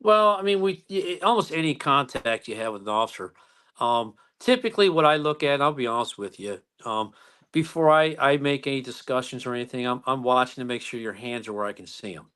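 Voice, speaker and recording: A man, a police officer and interview guest, telling stories in a calm, unhurried way. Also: mid-range voice, clear, resonant tone. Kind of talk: casual chat.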